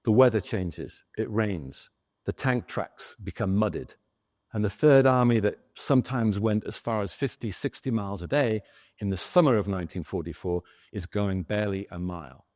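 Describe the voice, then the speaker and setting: A man giving a lively historical lecture as a guest author, telling a story and talking with the audience in the room. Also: on the low side, normal speed. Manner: animated storyteller, chatting with the audience.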